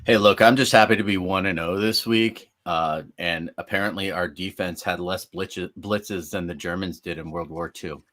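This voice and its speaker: A man with a fairly low voice co-hosts a casual sports podcast. He reads out event listings and keeps breaking into amused asides. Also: fairly even intonation, normal speed, hardly any pauses, fairly bright tone, no room sound, studio quality. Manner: jokey, laughs while reading event details. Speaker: podcast co-host.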